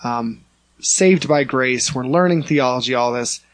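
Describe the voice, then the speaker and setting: A man's voice: medium pitch, measured pace, no room sound. A man with a slight Dutch-influenced accent co-hosting a podcast, rambling and teasing in joking casual chat. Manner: rambling, self-mocking, teasing. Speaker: podcast co-host and pastor.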